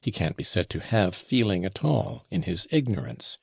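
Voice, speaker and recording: Audiobook: man voicing a scornful young manservant, low gravelly tone, curt and cold. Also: big pitch swings, moderate pace, no room sound, studio quality, full character voice. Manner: curt, disdainful. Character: sullen proud young male servant, contemptuous. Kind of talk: audiobook reading.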